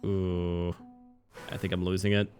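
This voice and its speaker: A sleepy man chats casually on his late-night live game stream, relaxed as he plays and reads out messages from chat to respond to them. He speaks a little slowly in a low voice, with faint music behind him.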